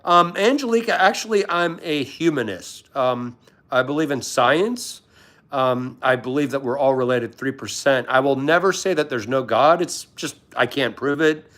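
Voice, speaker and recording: Hosting a casual livestream from home while in pajamas, a Washington, D.C. man speaks in a mid-range, slightly bright voice. He greets viewers by name as he chats in a friendly, wandering way.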